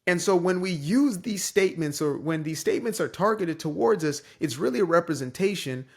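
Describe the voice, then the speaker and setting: Young man commentator, higher-pitched, emphatic and conversational, from the Bay Area. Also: expressive, a little fast, creaky, slightly rough. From San Francisco Bay Area. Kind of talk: casual opinion monologue.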